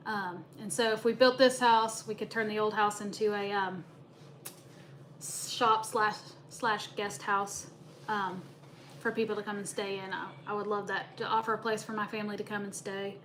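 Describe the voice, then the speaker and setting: A young woman, hosting a casual livestream chat, talkative and quick to laugh as she greets viewers. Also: mid-range voice, little pitch movement, a bit bright, slight background noise. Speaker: livestream host.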